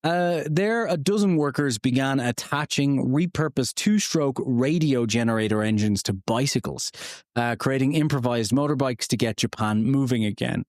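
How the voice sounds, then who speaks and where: A man talking casually through a solo podcast from a tiny home studio. He rambles, trips over words and laughs at his own slips, filling gaps with plenty of ums and uhs. His voice sits at a middling pitch and sounds dry and close to the mic. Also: normal speed, a little mellow, dry recording. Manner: rambling and self-deprecating, many fillers. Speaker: podcast host.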